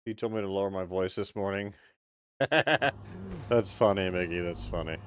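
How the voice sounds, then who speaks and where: Deep-voiced streamer, laid-back and swearing. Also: male voice, fairly even intonation, normal speed, darkish tone, slight background noise. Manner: chats with viewers by name. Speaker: game streamer. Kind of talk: casual live-stream chat while gaming.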